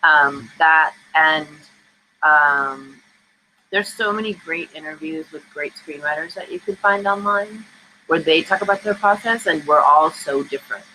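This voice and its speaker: A woman's voice: sits low, unhurried, sharp tone, a little hiss or hum, low-quality recording. A woman screenwriter answering interview questions over a video call, talking candidly in a chatty, storytelling way. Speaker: screenwriter guest.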